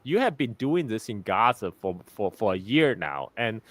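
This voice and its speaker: A man's voice: fairly low pitch, very animated, moderate pace. A man talks as a guest on a live stream, blunt and sarcastic, often laughing. He keeps repeating and restarting his words. The sound is dry and close, with no room echo. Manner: frequent word repetitions and restarts. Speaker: guest commentator.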